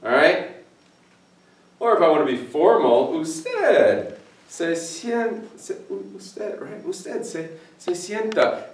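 A man's voice: high-pitched, slow pace. Guy teaching spanish on camera, jokey and playful, voice jumps up and down a lot, sounds echoey and kinda far from the mic. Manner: playful, jokey, animated asides. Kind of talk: classroom video lesson. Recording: echoey room, distant mic.

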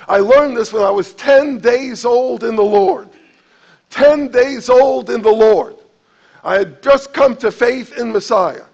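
A pastor preaching a sermon to his congregation, animated, acting out quotes with sudden jumps in pitch and loudness. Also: vocal fry, dull audio.

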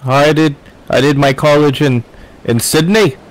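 Deadpan joking gamer guy. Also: a little high, a little slow, a little hiss or hum, poor audio. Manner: deadpan crude joker. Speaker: gaming friend. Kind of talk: casual gaming chat.

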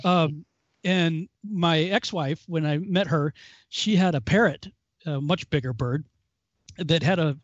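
A man co-hosting a casual Bible study discussion, telling stories in an animated way with frequent chuckles. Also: fairly high pitch, a little slow, dry recording. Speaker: co-host. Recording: dull lo-fi, dry.

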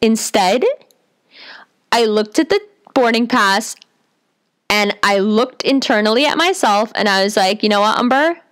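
A young woman with a deep, bassy voice telling a comic personal story, profane and animated. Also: unhurried, long pauses. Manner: profane, animated, self-mocking.

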